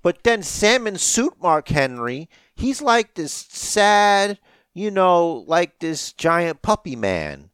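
A man's voice: sits high, sing-song, takes it slowly, a bit bright, clear, resonant tone, no room sound, clean studio sound. A man co-hosting a podcast who talks in a blunt, joking way and swears casually. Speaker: podcast co-host. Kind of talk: casual chat.

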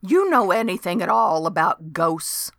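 A woman's voice: fairly low pitch, very animated, unhurried, vocal fry, a bit bright, dry recording, studio quality, heavily acted. A woman voicing a feisty, bossy older woman who speaks bluntly. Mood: challenging.

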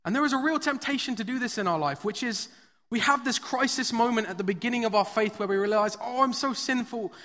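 With a high, bright voice, this pastor preaches a sermon to a live congregation in a church hall, talking fast. He tells stories casually, sprinkling in fillers like "like" and "kinda," while the long reverb of the large hall rings around him.

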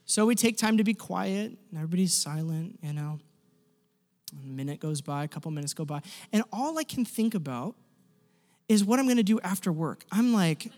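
A young man giving a sermon, telling stories in an animated, self-deprecating way with quick restarts. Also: high-pitched. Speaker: pastor. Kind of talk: sermon storytelling. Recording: echoey hall.

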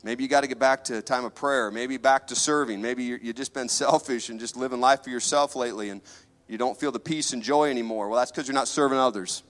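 A man's voice: medium pitch, fairly even intonation, quick pace. Fervent preacher man in a reverberant hall. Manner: fervent, repeats phrases, swings from loud preaching to quiet confiding. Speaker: pastor. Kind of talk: sermon.

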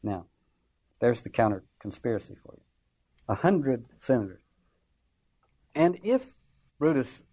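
A man's voice: medium pitch, dark tone, husky, low-quality recording. A man giving an informal lecture on a play, talking wryly and acting out the quotations. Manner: conversational, wry, acts out quotations. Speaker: literature lecturer.

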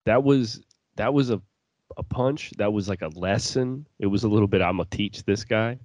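Low-voiced male podcast co-host, laughy and crude, dry close sound. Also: moderate pace, a little mellow, no room sound. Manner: laughs often, stammering restarts, swears. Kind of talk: casual crude chat.

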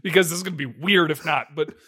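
A man's voice: on the high side, fast talker, sharp tone, breathy edge, dry recording. A man co-hosting a podcast, reviewing a movie in casual, mocking chat full of swearing. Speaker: podcast co-host.

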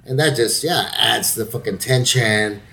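A man, an actor, chatting casually and telling animated, profane stories from the set. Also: mid-range voice, normal speed, vocal fry. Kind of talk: casual chat.

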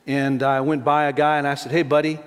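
A man's voice: medium pitch, flat delivery, a little fast, clean tone. A middle-aged male pastor preaching a sermon, telling stories in a folksy way and often repeating words as he restarts. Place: church sanctuary. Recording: long hall reverb.

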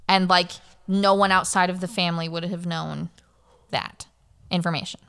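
A woman podcast host tells a spooky story in loose, casual chat. She rambles, fills gaps with "um" and "like" and keeps correcting herself. Her voice is bright and crisp and cleanly heard. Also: mid-range voice, steady tone, normal speed. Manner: rambling, many fillers and self-corrections.

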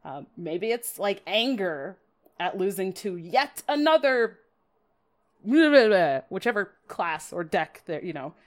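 This podcast host has a mid-range, sing-song voice and takes her time. Chatting about card game strategy, she laughs at herself often and acts out dramatic quoted asides.

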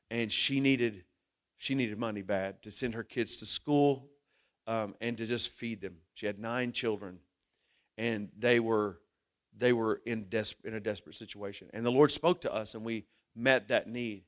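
A middle-aged male pastor preaching a sermon in an earnest way, rising loud and then dropping low and emotional.

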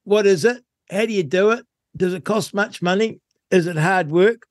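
A New Zealand man hosting a talk radio interview, asking lively, chatty questions. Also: high-pitched, normal speed, no room sound, studio quality. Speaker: radio host.

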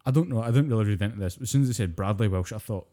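A man's voice: lowish voice, racing, mellow. A British man co-hosting a podcast, chatting casually, swearing freely and cracking jokes with easy laughter. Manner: profane, jokey, laughs easily. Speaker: podcast co-host. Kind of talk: casual chat.

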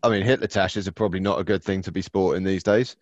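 Lower-voiced man, cheeky banter, dull sound. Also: steady tone, fast, dry recording. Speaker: podcast co-host. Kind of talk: casual chat.

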